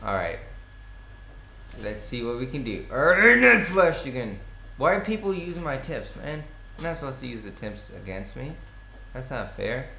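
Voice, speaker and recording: A young man giving excitable gameplay commentary, swearing and yelling at the game. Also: medium pitch, moderate pace, vocal fry. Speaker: gaming commentator. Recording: echoey room with faint noise.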